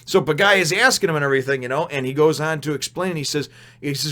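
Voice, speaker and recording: A young man in the middle of his pitch range talks through a manga chapter in a loose, conversational review. He rambles, restarts his sentences and leans on fillers, his energy jumping up and down as he goes. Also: quick pace. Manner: rambling, animated, many fillers and restarts, laughs often. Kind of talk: casual spoken review.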